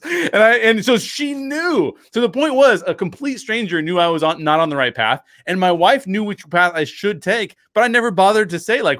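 A man in his thirties, a podcast host telling a personal story with lively acted-out quotes and frequent restarts. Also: sits high, brisk, few pauses, dry recording, studio quality. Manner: animated storyteller acting out quotes, many restarts.

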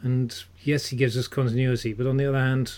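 A man's voice: medium pitch, little pitch movement, quick pace, darkish tone. A man in a casual podcast chat, wry and full of murmured agreement. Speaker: podcast panelist.

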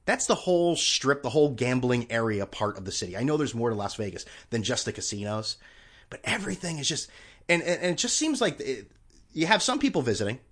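A man's voice: medium pitch, very animated, fairly quick, a bit bright. A man hosting a solo podcast, ranting in a rambling, sarcastic way with frequent swearing. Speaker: podcast host. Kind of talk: casual solo podcast rant.

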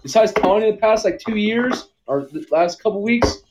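A man's voice: high-pitched, lively intonation, moderate pace, a little mellow, slight background noise. A man talking casually as a guest on a live chat over his headset mic. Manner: loose, rambling sports talk.

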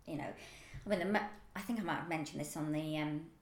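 Woman podcast co-host, lowish voice, upbeat rambly chat, echoey room. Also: fast talker. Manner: chatty, upbeat, rambling with fillers. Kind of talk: casual chat. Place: office or shared workspace.

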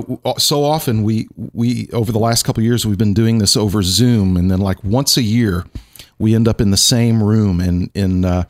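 A pastor hosting a relaxed podcast, his voice sitting on the low side. He is playful and bantering, often stumbling and restarting his sentences. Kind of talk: casual conversation.

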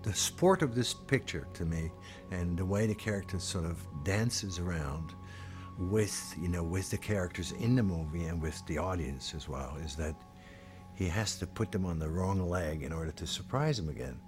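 A man with a low voice reflects on making a film. He speaks thoughtfully, pausing and rephrasing as he goes, with faint music behind. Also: animated. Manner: thoughtful, hesitant phrasing. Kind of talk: reflective interview.

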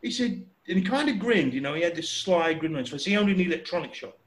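A man in his sixties telling a casual, animated anecdote, chatty and acting out sounds and voices. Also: high-pitched, fast talker, echoey room. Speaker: storyteller.

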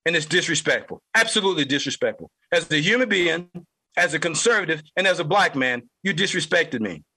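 A man's voice: fairly high pitch, lively intonation, fairly quick, bright, forceful tone, slightly rough, poor audio. A man hosting a political podcast, delivering an angry, heated monologue and repeating lines for emphasis. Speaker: podcast host.

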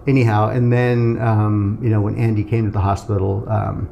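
A man's voice: lowish voice, little pitch movement, moderate pace, gravelly, highs cut off, a little hiss or hum. A middle-aged man telling a personal story in casual conversation, acting out the voices of the people in it. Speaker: guest telling his story.

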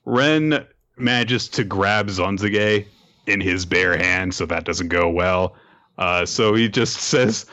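A man's voice: low-pitched, slow pace, sharp tone, highs cut off. A man hosting a podcast, recapping a chapter in a casual, amused storytelling manner.

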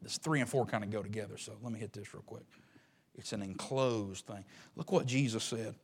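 A man preaching a sermon with passion, rising to loud peaks and dropping to hushed murmurs. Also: on the low side, brisk, slightly rough. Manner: impassioned, swinging from loud rises to hushed murmurs.

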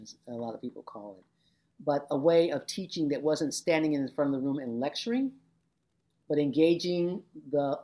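An older woman looking back on her years as a labor educator in an interview, animated, acting out the voices of people in her stories. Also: low-pitched. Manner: animated storyteller, acts out quoted voices. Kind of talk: reflective oral-history interview.

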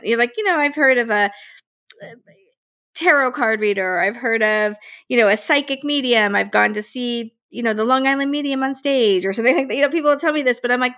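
Woman host, casual, swears a lot, lively retelling, higher voice. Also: fast. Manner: lively, swears freely, animated quoting. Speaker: podcast host. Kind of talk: casual interview chat.

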